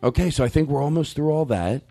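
A man's voice: fairly high pitch, animated, gravelly, dark tone. A man hosting a comedy podcast, rambling and joking with a loose, swearing delivery. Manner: rambling, jokey, swearing, quick laughs. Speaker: podcast host.

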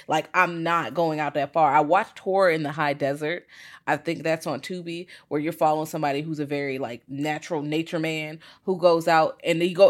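A young woman co-hosting a podcast, reviewing a film in casual, profane chat and acting out what the characters say. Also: low voice. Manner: animated storytelling, profane, acts out quotes. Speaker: podcast co-host.

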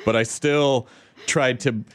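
A man from the American South hosting a casual chat, playful and quick to laugh. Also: mid-range voice, fairly even intonation, a bit bright, dry recording. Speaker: host.

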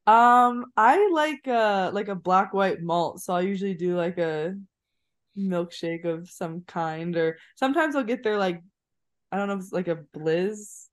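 A woman's voice: mid-range voice, unhurried. A young woman from Maine, a college basketball player, chatting casually as a guest and using lots of "like" and "um". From Maine, USA. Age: 20s. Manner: chatty, many fillers like "like" and "um". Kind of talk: casual interview chat.

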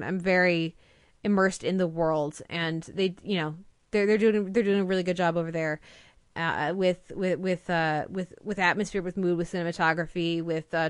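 A woman's voice: lowish voice, clear, resonant tone, no room sound, clean studio sound. A young woman co-hosting a casual podcast, chatting enthusiastically about TV episodes with frequent fillers and restarts. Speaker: podcast co-host reviewing TV.

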